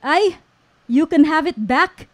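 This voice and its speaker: A woman quoting her playful, kindly old grandfather in her own slightly high voice. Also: animated, slow pace. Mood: fond.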